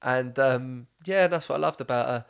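A young man chats loosely on a podcast. His voice sits at an ordinary middle pitch. He rambles, swears freely and laughs through his stories. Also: moderate pace, vocal fry, smooth. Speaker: podcast host. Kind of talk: casual chat.

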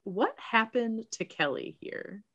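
A woman's voice: fairly high pitch, animated, takes it slowly, a bit bright, dull audio. A woman co-hosting a casual chat, recapping a movie from her notes and laughing often. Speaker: podcast co-host.

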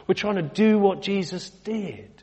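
Unhurried and breathy, a middle-aged British vicar preaches in a high yet dark-toned voice, with long church reverb behind him. He keeps things conversational, posing rhetorical questions and making wry comments about himself.

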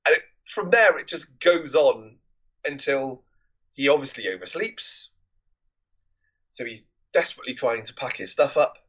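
A man's voice: medium pitch, expressive, unhurried, long pauses, a bit bright, muffled recording. A man hosting a film podcast, recapping a movie plot in a loose, rambling, conversational way.

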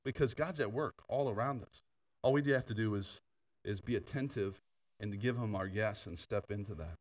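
A man preaching in a church, telling stories with laughs and asides, then turning quieter to lead an altar call. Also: on the low side, normal speed, recorded from a distance. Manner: animated storytelling with laughter and asides. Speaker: pastor. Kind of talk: sermon. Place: church sanctuary.

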